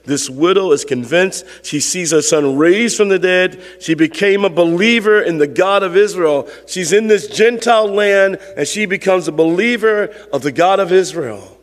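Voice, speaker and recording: A man's voice: high voice, normal speed, few pauses, in a large hall. A male pastor preaching a sermon with emphatic, repetitive phrasing and call-and-response to the congregation.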